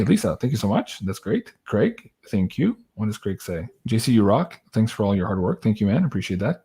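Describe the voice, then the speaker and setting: A man's voice: fairly low pitch, mellow. A man co-hosting a livestream, chatting casually and thanking donors by name. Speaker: livestream co-host.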